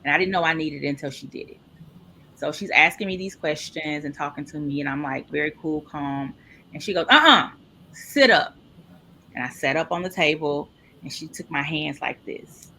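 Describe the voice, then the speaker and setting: A woman recounts her own story in a lower, bright and forceful voice. She is lively and jumps up in pitch to act out what other people said. A faint hiss sits under the recording. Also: brisk. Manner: animated, acts out quoted people with big pitch jumps. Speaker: podcast guest. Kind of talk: personal storytelling interview.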